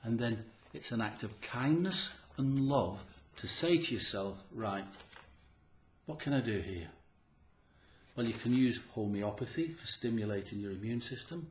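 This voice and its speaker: A man's voice: medium pitch, expressive, a little slow, slight background noise. A man speaks straight to the listener in an earnest, persuasive way, piling up rhetorical questions. He often stumbles and restarts his sentences. His voice rings around a roomy, echoey space. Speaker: health channel host. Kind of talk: casual direct-to-camera talk.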